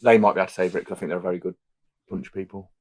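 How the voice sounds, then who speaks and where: A man co-hosting a podcast in casual chat, opinionated and prone to quick rants. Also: low voice, fairly even intonation. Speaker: podcast co-host.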